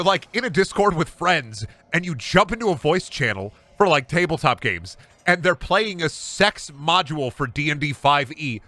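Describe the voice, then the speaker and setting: Animated, bright-voiced male streamer. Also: on the high side, dry recording. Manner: joking, profane, quick to laugh, exasperated. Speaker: gaming streamer. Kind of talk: livestream commentary while playing and reading chat.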